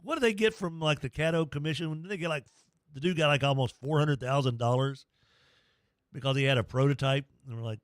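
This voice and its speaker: A man's voice: fairly high pitch, a little fast, dry recording, clean studio sound. A middle-aged man hosting sports talk radio, rambling and joking at his own expense. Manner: rambling, jokey, self-deprecating.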